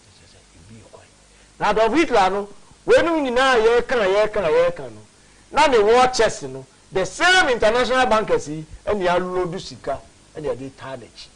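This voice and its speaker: A man's voice: high voice, sing-song, fairly quick, fairly bright tone, poor audio. A man hosting a history discussion, speaking expansively and emphatically in Twi mixed with English.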